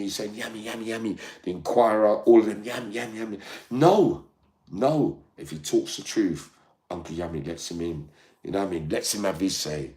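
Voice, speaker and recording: Older man, combative and profane, ranting straight to his viewers. His pitch swings widely from low mutters to high shouts. The sound has a noticeable echo from the room. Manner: profane, combative, keeps asking "yeah?". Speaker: online channel host.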